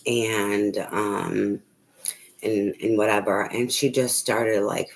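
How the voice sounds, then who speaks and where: A woman's voice: a bass voice, fairly even intonation, slow pace, vocal fry, rough recording. A middle-aged woman, a tarot reader, venting about family trouble in a blunt, emphatic way, swearing often and restarting her sentences. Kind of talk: emotional personal venting monologue.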